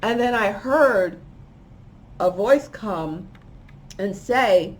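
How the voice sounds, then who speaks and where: A woman tells a long story of a vision in a casual, rambling way. She grows animated and puts on the voices of the people in it. Her voice sits at an ordinary middle pitch. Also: very slow. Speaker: spiritual channel host.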